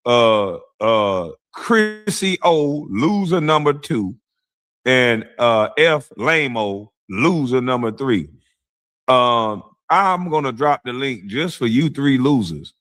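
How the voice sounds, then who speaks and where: A man hosting a casual livestream, reacting to a clip with mocking, blunt commentary and frequent laughter. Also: medium pitch. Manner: mocking, animated, laughs often, blunt slang. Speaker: streamer, show host.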